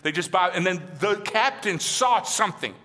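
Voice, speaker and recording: A man preaching a sermon as a pastor, emphatic and conversational, often asking his listeners "right?", and dropping to a soft, slow voice on key phrases. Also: sits high, expressive. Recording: long hall reverb.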